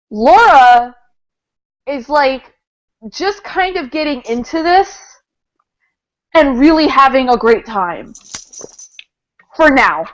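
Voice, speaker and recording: On a casual podcast, a female co-host with a voice on the high side gushes about a comic book, laughing often and peppering her talk with "like" and "um." The audio quality is poor.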